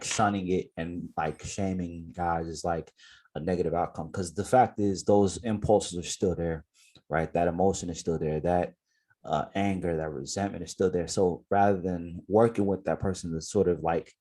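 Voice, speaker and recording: A man with a deep, slightly husky voice talks through his ideas on a casual podcast. He thinks aloud, circles back and fills pauses with "you know" and "right?" as he builds his point. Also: mellow. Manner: reflective, explains points at length with fillers. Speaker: podcast co-host.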